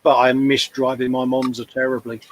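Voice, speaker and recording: A man's voice: medium pitch, completely flat delivery, normal speed, slight background noise, poor audio. A man in his fifties with an East London accent, chatting casually on a hobby livestream and telling rambling anecdotes. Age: 50s. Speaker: co-host of a model-building livestream. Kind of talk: casual chat.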